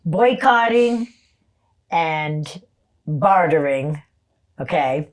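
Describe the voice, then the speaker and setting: A woman's voice: sits low, expressive, very slow. A middle-aged woman telling stories on a casual podcast as a psychic guest, swearing freely and laughing often. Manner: profane, storytelling, loud laughter.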